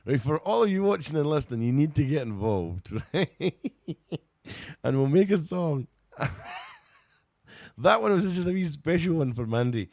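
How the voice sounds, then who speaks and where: A man's voice: on the high side, very animated, moderate pace, gravelly, pauses often, a little mellow, no echo, studio quality. A Scottish man hosting a live radio stream in casual, rambling chat, often breaking into giggles, and a little tired. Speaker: radio show host.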